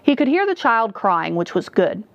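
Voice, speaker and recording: A woman narrating a dark fantasy story in a measured storytelling manner. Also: medium pitch, sing-song, no echo. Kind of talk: audiobook narration. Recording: dull, dry recording.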